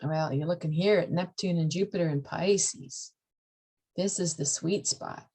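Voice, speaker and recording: A woman's voice: fairly low pitch, a little slow, warm tone, husky. A woman explaining astrology in a casual talk, acting out the voices of the signs and laughing at herself.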